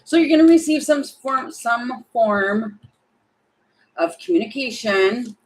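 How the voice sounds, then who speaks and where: A woman talking her way through a live tarot reading, chatty and thinking aloud, exasperated at times and slipping into quick acted-out voices. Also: on the high side, lively intonation, rough recording. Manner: exasperated about the energy. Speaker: tarot reader.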